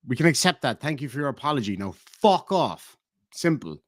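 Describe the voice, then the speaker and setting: A man's voice: medium pitch, very animated, fairly quick, fairly bright tone, no echo, studio quality. A man telling a profane, sardonic story in a vlog rant. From Ireland. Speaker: YouTuber. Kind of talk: ranting vlog monologue.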